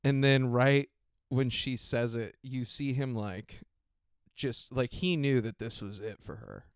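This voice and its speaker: A man's voice: mid-range voice, fairly even intonation, slow, clear, resonant tone, no echo, clean studio sound. Laughing, loose-talking podcast guy. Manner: giggly, profane, rambling with frequent laughter. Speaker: podcast host. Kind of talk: casual solo podcast chat.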